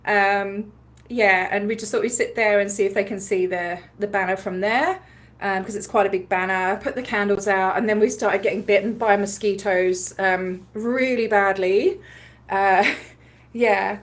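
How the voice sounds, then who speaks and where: A woman casually telling a story on a livestream, animated, laughing often, with many ums and likes as she acts out what others said. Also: mid-range voice, a little slow. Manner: acts out other people's lines while retelling. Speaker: livestream host recounting a protest.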